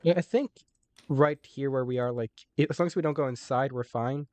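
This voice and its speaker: Mellow laid-back gamer voice, very dry. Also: mid-range voice, a little fast, no echo. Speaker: teammate guiding the group. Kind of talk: casual gaming chat.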